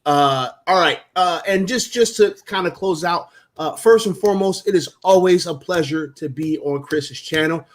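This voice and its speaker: A man from New Jersey, a guest sports streamer on a video call, joking with relaxed trash talk. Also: sits high, normal speed, hardly any pauses.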